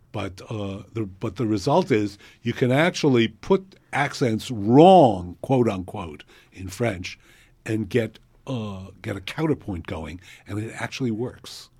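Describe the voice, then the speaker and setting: A man's voice: on the low side, darkish tone, slightly rough, no echo. A man, a composer, answering interview questions in a thoughtful, explanatory way with frequent hesitations.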